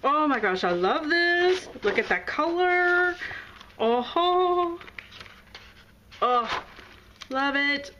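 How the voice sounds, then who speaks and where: A woman's voice: sits high, animated, drawn-out words, long pauses, sharp tone, dull audio. A woman vlogging an unboxing of craft supplies, gushing and exclaiming with delight, gasping and laughing. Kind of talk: excited unboxing chat. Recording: noisy home recording.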